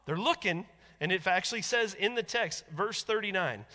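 A man preaching a sermon as a pastor, animated and conversational, acting out the voices he quotes. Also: high voice, normal speed, big-room sound.

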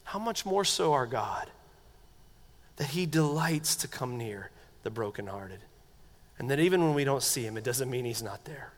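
A middle-aged man preaching a sermon as pastor, earnest and conversational, often dropping to soft, quiet tones. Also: mid-range voice, lively intonation, moderate pace. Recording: long hall reverb.

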